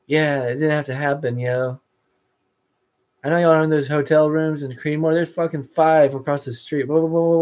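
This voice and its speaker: A man's voice: fairly high pitch, steady tone, a little fast, darkish tone. Profane rambling man, erratic rant. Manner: profane, erratic, drifting between mumbles and outbursts. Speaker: vlogger.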